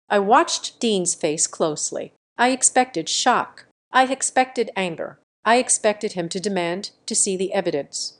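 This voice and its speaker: A woman narrating a first-person family drama story in an even, steady, scripted reading. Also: medium pitch, measured pace, few pauses.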